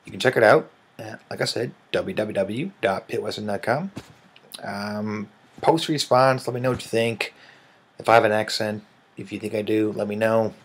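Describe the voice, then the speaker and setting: Offhand man, low voice. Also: moderate pace, slightly rough. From American Midwest. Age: 30s. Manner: offhand, rambling, dryly joking. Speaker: vlogger. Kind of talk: casual vlog answering viewer questions.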